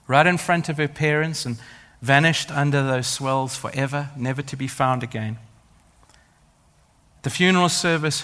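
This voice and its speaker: A man's voice: medium pitch, fairly bright tone. A man preaching a sermon as pastor, with an emphatic, building cadence and repeated phrases. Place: church. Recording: long hall reverb.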